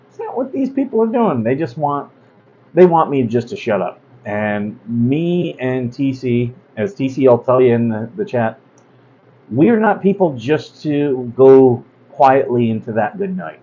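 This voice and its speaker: A man's voice: medium pitch, expressive, measured pace, warm tone, lo-fi sound. A man hosting a casual livestream talk, blunt and rambling, with many fillers and asides. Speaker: host.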